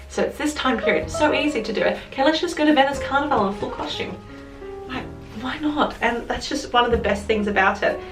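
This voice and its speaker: Australian woman vlogger, chatty and self-correcting, echoey home room. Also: on the high side. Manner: chatty, rambling, corrects herself mid-sentence. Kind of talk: casual chat to camera. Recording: roomy echo, mic at a distance, music behind. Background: music.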